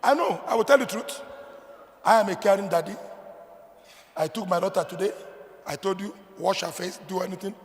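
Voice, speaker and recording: A Nigerian man preaches from the pulpit in a high voice. He hammers points loudly and then falls to quiet, low asides. A long reverb from the hall trails his words. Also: brisk, pauses often. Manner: emphatic preaching, swinging between loud declarations and low asides. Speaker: pastor. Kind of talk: sermon.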